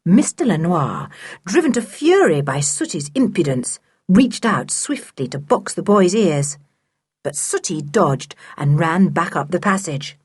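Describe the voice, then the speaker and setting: A woman narrating a children's audiobook in a lively storytelling manner. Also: fairly low pitch, measured pace, slightly rough. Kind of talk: scripted narration.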